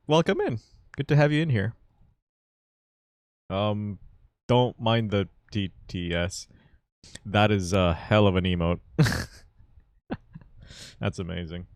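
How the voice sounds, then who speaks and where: Guy streamer, deep smooth voice, chatty, laughs a lot, talks to himself while fiddling with settings. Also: darkish tone, dry recording, studio quality. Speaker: live streamer. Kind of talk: casual live-stream chat.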